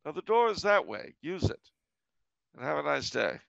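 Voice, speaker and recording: A man's voice: mid-range voice, lively intonation, moderate pace, creaky, fairly bright tone, no echo, dull audio. A man voicing an older, shrewd businessman who answers with mock-cheerful sarcasm. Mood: scornful. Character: sardonic older male businessman, shrewd and scornful.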